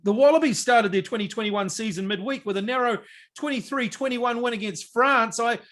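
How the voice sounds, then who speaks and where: A man co-hosts a sports podcast, his voice sitting noticeably high for a man. He talks bluntly and excitedly, swears freely and laughs easily in casual chat. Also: fairly quick. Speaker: podcast co-host.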